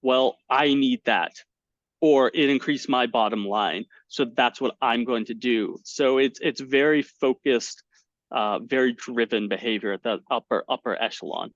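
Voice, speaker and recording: A man tells stories as a guest on an interview call, lively and full of restarts and fillers. His voice sits in a middling range. The audio is dull and lo-fi, with no room sound at all. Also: mid-range voice, unhurried, no echo. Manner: animated storyteller, many fillers and restarts. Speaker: guest, poker commentator. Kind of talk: casual interview over video call. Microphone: webcam setup at home.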